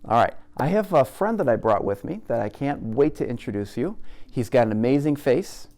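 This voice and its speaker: A man gives a live caricature demonstration to an audience. He talks in a relaxed, jokey way, with a mid-range voice, and keeps asking the room questions to keep them involved. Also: medium pitch, a little fast. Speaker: caricature artist giving a demonstration. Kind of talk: live teaching talk to an audience.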